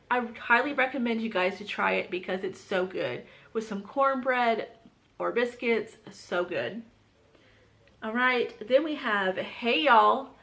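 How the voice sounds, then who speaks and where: Chatting about books straight to camera, this woman hosts a book channel and has a light Southern US accent. She's bubbly and talkative, dropping plenty of "like" and "you guys", and her slightly high voice has a sharp tone.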